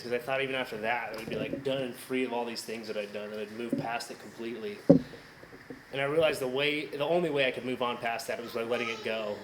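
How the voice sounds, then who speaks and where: A man's voice: mid-range voice, background noise. A man graduating from a program, giving a candid, reflective personal speech at a ceremony.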